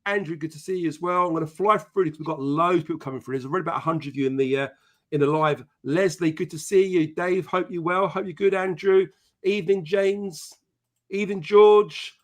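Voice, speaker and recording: Male host, brisk and profane, slightly high voice, reeling off viewer shout-outs. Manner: chatty and profane, greeting viewers by name. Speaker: podcast host. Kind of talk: casual live-stream chat.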